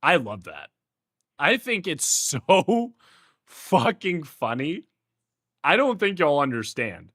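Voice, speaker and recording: A playful, goofy young man with a Houston accent chats casually with his stream viewers, using heavy slang and laughing often. His voice sits on the high side, sing-song and a bit bright, at a slow pace.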